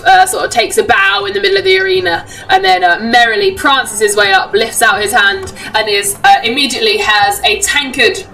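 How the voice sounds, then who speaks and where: A woman's voice: medium pitch, pushed and bright, distant mic, slight background noise, low-quality recording. A woman running a tabletop game as game master, chatty and full of ums, heard from a little away from the mic. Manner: chatty, laughing often, many ums.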